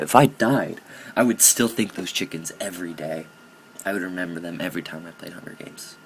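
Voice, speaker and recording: A man's voice: on the low side, fairly bright tone, slight background noise. Joking young man narrating his gameplay. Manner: mock-dramatic, joking about his own feelings. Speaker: gaming commentator. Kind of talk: casual gameplay commentary.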